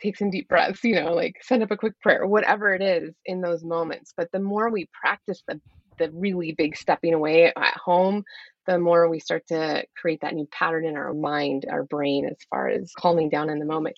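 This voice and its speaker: A woman's voice: low voice, steady tone, normal speed, no echo, muffled recording. A middle-aged woman who coaches parents, speaking openly and earnestly in a podcast interview, explaining with light laughs.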